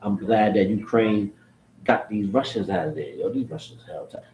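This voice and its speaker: Talking to camera in an echoey room with faint background noise, a vlogger rants casually to his viewers in a lowish voice at a moderate pace. He's animated and profane, repeating himself and hopping between topics.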